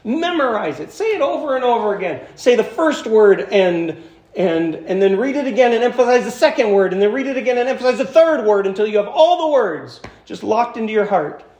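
A man preaching an emphatic sermon as pastor, slowing down to stress key phrases. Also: high-pitched, sing-song, a little mellow. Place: church sanctuary. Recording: echoey church hall.

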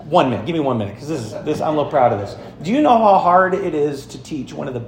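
A fairly high-voiced man preaching a sermon in a church sanctuary, switching between earnest teaching and animated storytelling. He talks straight to the congregation with emphatic questions. The room gives an echoey sound, with faint ambience behind him. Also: slight background noise. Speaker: pastor.

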